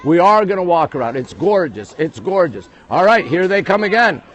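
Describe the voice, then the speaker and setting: A man with a New York accent, hosting a live walking tour on his phone, talking quickly and greeting viewers all the time. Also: sits high, sing-song, a bit bright. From United States. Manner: rapid-fire, greeting viewers constantly. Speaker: livestream host. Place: outdoors at a busy historic site. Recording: faint outdoor city noise.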